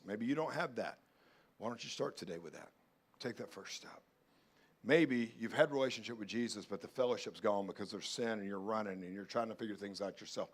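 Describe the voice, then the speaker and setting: A male pastor preaching a sermon, dropping to soft, close pleas and then rising to loud, urgent calls. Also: lowish voice, slightly rough. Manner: swings from hushed pleading to loud urgent calls.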